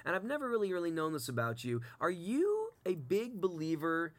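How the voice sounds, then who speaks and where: A man hosting a radio show, bantering in a fast, playful and campy way with his co-hosts in the studio. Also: fairly high pitch, very animated.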